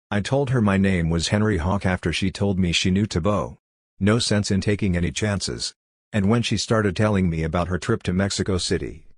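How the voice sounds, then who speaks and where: A man's voice: low-pitched, no echo. A man giving a wry, matter-of-fact first-person audiobook narration into a close mic.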